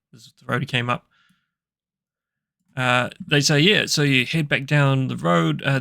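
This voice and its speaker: Gravelly man narrating a solo tabletop game. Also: medium pitch, fairly bright tone, dry recording, studio quality. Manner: rambling, many fillers and self-corrections.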